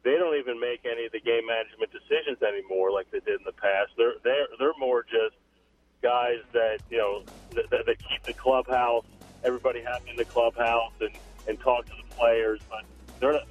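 A man with a middle-pitched voice joins a sports radio show as a guest. He speaks casually and keeps stumbling back over his words as he works through his thoughts. Faint music can be heard under him. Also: brisk, low-quality recording. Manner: repeats words while thinking.

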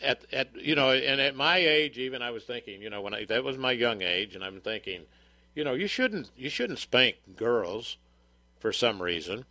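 A man's voice: mid-range voice, lively intonation, moderate pace, sharp tone, dry recording. An older man hosting a radio talk show, chatting in a rambling, folksy way with plenty of fillers.

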